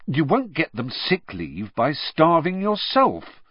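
A man's voice: on the high side, wildly swooping pitch, slow pace, breathy edge, no room sound, muffled recording, pitched above the performer's own voice, full character voice. A man doing a blunt hungry teenage boy.

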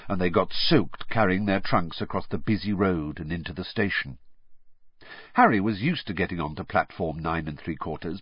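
Male audiobook narrator, low and husky, lively pitch, storybook reading, dull dry recording. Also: no echo. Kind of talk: scripted narration.

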